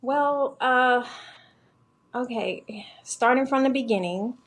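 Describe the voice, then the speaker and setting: A woman's voice: a little high, slow pace. A woman from Georgia, a guest author, talking through her writing life in a casual interview.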